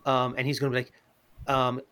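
A man's voice: mid-range voice, monotone, brisk, sharp tone. A man playing a tabletop game, explaining his moves in a rambling way with many fillers. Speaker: player. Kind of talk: casual tabletop game play.

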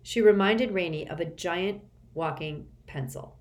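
A woman's voice: lowish voice, unhurried. A woman reading a children's novel aloud as an audiobook narrator. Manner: expressive storytelling.

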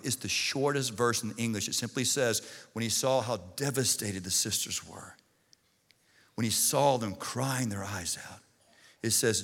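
Bright-voiced preaching pastor, man. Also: mid-range voice. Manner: animated preaching, swings from hushed to loud. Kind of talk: sermon. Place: church sanctuary. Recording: long hall reverb.

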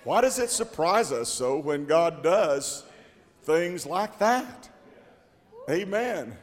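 A man preaching a storytelling sermon, animated and repeating his words, often rising into loud shouted quotes. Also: a little high, takes it slowly. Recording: long hall reverb.

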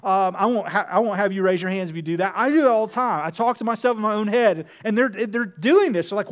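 A man's voice: high-pitched, fast talker, hardly any pauses. A man preaching a conversational sermon in church, acting out the voices of the psalm with rising emotion. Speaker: pastor. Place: church with two campuses.

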